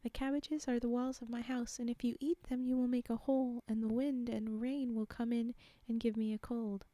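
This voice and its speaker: A woman's voice: fairly high pitch, flat delivery, moderate pace, mellow, no echo, natural voice. Storybook piglet girl, read by a woman, greedy, pleading, dry close sound. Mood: distressed. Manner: pleading, distressed. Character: greedy, distressed little female pig.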